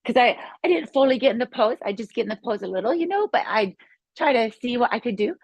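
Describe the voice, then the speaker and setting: A woman who is a yoga instructor tells her healing story in a casual, excited, rambling way, with many restarts. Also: fairly high pitch, quick pace, dry recording. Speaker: guest sharing a healing testimony. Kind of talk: casual spoken testimony.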